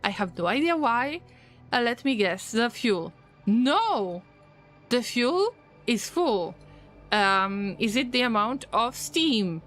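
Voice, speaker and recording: A woman with a fairly high voice streams a game and chats with her viewers, joking and teasing as she goes. Her pitch swings widely and she speaks slowly, drawing out her words. Faint music runs underneath. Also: animated, fairly bright tone. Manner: playful, teasing, answers chat messages with jokes. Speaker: gaming streamer. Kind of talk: casual live-stream chat while playing.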